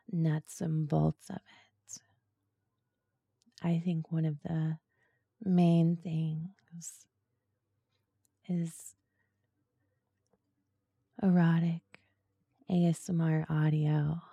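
A woman hosting a podcast in a soft, breathy, slow and seductive ASMR-style voice. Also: low voice, dry recording. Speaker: podcast host.

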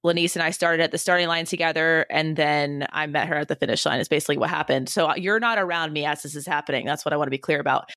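Young woman podcast co-host, lower voice, animated candid storyteller, dry recording. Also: quick pace, hardly any pauses, dry recording. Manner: candid, animated storyteller who laughs often. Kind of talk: casual chat.

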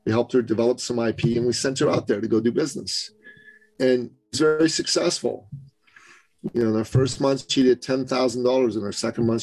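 A man from Canada, a business coach, telling an animated story as a podcast guest and acting out the voices of the people he quotes. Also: medium pitch, vocal fry, poor audio. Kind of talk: storytelling interview.

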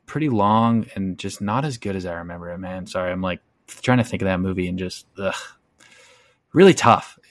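A young man chatting casually as a podcast co-host, in a low voice recorded dry and close. He rambles with loose enthusiasm, peppering his talk with fillers. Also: no room sound. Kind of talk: casual chat.

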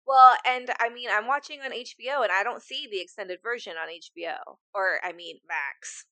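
A woman co-hosting a casual podcast chat, expressive and quick to react with gasps and groans. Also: medium pitch, dry recording. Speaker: podcast co-host.

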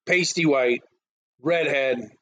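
A man in his forties on a podcast, telling crude, animated anecdotes in casual chat. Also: mid-range voice, takes it slowly, dry recording, low-quality recording. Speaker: podcast co-host.

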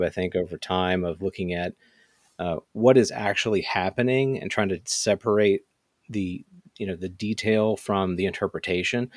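Male panelist, very low voice, measured and halting, dry close mic. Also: no room sound. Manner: thoughtful, halting, many restarts. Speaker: podcast panelist. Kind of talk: casual panel discussion.

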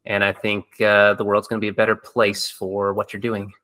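A man's voice: on the low side, completely flat delivery, moderate pace, bright, forceful tone. A man hosting a podcast, speaking casually and encouragingly to his guest. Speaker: podcast host. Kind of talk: casual chat.

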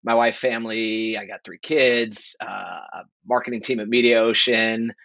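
A man in his forties, a guest on a podcast, talking in a relaxed, rambling way with lots of fillers. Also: lowish voice, normal speed, vocal fry, dry recording. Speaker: guest, marketing executive. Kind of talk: casual podcast interview. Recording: dry, dull lo-fi sound.

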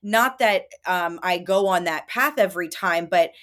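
A woman's voice: fairly low pitch, normal speed, fairly bright tone. A woman hosting a casual podcast chat, speaking earnestly and encouragingly to listeners. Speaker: podcast host.

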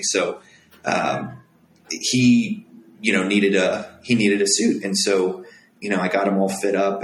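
A young clothier in his twenties tells a story in an earnest, rambling way full of fillers. His voice sits low. The recording has a roomy echo and a faint background hiss. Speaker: guest, made-to-measure clothier. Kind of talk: casual storytelling. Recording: echoey room.

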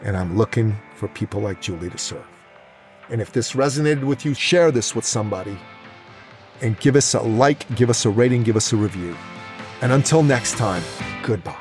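A man's voice: fairly low pitch, animated, moderate pace, a little mellow, soft background music. A middle-aged man hosting a podcast, telling a motivational story in an emphatic, dramatic way. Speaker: podcast host.

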